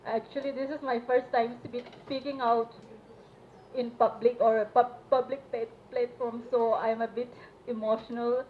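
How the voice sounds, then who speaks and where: Young woman from Manipur, student speaker, higher voice, hesitant and earnest; tinny phone-quality audio. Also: little pitch movement, normal speed. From Manipur, India. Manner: hesitant, earnest, many fillers. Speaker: student representative speaking at a solidarity event. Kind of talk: public speech. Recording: tinny phone-like live stream with faint noise.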